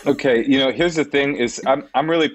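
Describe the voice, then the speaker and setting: A man's voice: mid-range voice, a little fast. A male podcast co-host in comedy banter, roasting callers in a mock-earnest way.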